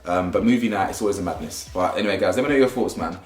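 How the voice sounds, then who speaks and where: A man's voice: low voice, very fast, roomy sound. A young man, commenting casually at home on a reality show in slangy, emphatic talk. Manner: animated, slangy, repeats himself for emphasis. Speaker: YouTuber reviewing a reality show.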